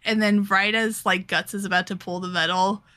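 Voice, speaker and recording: A woman co-hosting a podcast, retelling a comic story in casual chat, animated and quick to voice the characters, laughing often. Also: medium pitch, no echo. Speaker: podcast co-host.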